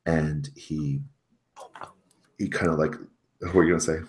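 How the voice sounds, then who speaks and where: A man with a very deep voice, running a tabletop role-playing game as its game master. He narrates in a loose, rambling way, full of fillers and restarts. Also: steady tone, measured pace.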